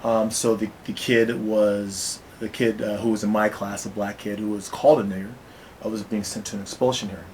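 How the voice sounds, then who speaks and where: Soft-spoken man telling his story haltingly. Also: fairly low pitch, flat delivery, slight background noise, rough recording. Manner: halting, many fillers and restarts. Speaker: teacher recounting an incident. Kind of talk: personal account to camera.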